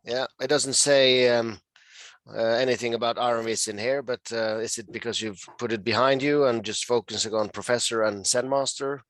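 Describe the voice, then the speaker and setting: A man's voice: medium pitch, fairly even intonation, moderate pace, a bit bright, no echo. A man hosting an online user group meeting, chatting casually with hesitations and frequent laughter. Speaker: meeting host. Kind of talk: casual chat. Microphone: video call.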